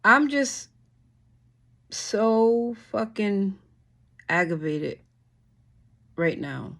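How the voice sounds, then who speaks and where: A channel host with a fairly low female voice reads a bill aloud slowly, pausing often. She curses at it in exasperated commentary, sighing frequently and restarting.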